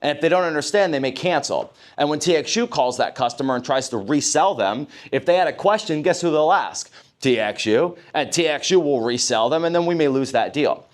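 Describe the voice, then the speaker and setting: A man's voice: fairly high pitch, lively intonation, brisk. A man running a live sales training session, coaching his team, asking the room questions and acting out lines he would say to customers.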